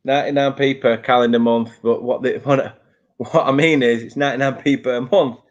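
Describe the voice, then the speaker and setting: A man's voice: mid-range voice, steady tone, a little fast, muffled recording. A man with a Northern English accent hosting a casual football prediction chat, joking and laughing through banter. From Northern England. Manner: jokey, laughs often, banter. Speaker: show host.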